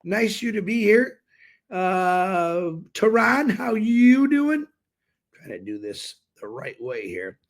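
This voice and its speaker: A man's voice: sits high, sing-song, takes it slowly. A man hosting a daily live stream, greeting viewers by name and chatting in an upbeat, rambling way.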